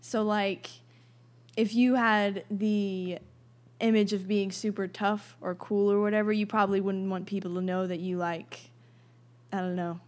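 A woman's voice: medium pitch, little pitch movement, measured pace. A woman co-hosting a podcast, chatting casually with a hesitant, giggly manner. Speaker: podcast co-host. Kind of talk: casual chat.

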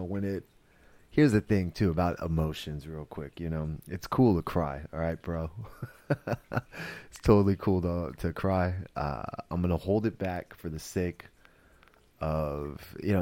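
Deep-voiced man rambling casually. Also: a little mellow, no echo. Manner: rambling, with many fillers and restarts; earnest and emotional. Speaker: podcast host. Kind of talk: casual spoken commentary.

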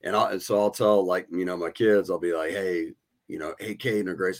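A man's voice: deep voice, steady tone, brisk. A man hosting a podcast, telling earnest stories about his kids and youth sports in a casual way. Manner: earnest, storytelling. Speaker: podcast host. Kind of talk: casual conversation.

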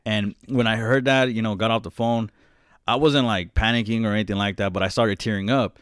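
A man's voice: fairly low pitch, steady tone, fairly quick, a bit bright, no room sound, studio quality. A young man co-hosting a podcast, talking casually and emotionally, swearing often and rambling with lots of laughs. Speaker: podcast co-host.

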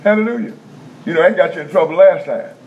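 A male preacher delivers a folksy sermon, circling back on his phrases before rising to emphatic bursts. His voice sits a little high for a man. The recording is dull and lo-fi, with faint room ambience behind him. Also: fast talker, a little mellow, a little hiss or hum. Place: prison chapel.

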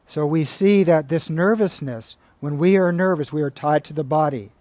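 A monk giving a spiritual talk, with a fairly high yet mellow, warm voice. He tells stories calmly and at an even, measured pace. The sound is dry and close. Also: no room sound. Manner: calm, measured storytelling with reading aloud of quoted passages.

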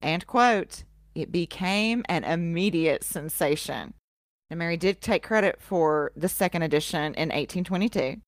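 On a casual podcast, a female co-host with a lowish voice gives history an irreverent, profane retelling, sprinkling in plenty of sarcastic asides. It's a dry, clean studio recording.

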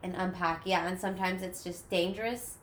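A woman's voice: lowish voice, a little fast. Chatty woman in an echoey room. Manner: chatty, animated storytelling. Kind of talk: casual chat. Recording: echoey room, faint noise.

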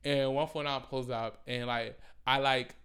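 A man's voice: mid-range voice, fairly even intonation, measured pace, a bit bright, clean tone. A young man hosting a podcast, telling a personal story in a rambling, profane, slangy way that keeps circling back on itself. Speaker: podcast host. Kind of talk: casual storytelling monologue.

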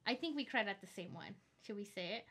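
A woman's voice: mid-range voice, lively intonation, fast talker, crowd noise. A young woman co-hosting a podcast, gushing eagerly about concerts. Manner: eager, gushing fan talk. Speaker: podcast co-host. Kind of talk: casual chat.

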